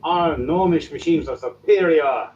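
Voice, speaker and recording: A man voicing a jittery, boastful little male gnome tinkerer who talks in a squeaky, halting way. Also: darkish tone, lightly acted. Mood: defensive boasting. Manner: squeaky, hesitant, scrappy. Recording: muffled distant mic with background noise.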